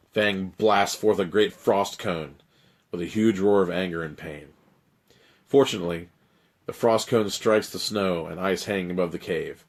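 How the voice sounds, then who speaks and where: A man running a live-streamed adventure as game master, narrating with lively asides. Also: lowish voice, normal speed.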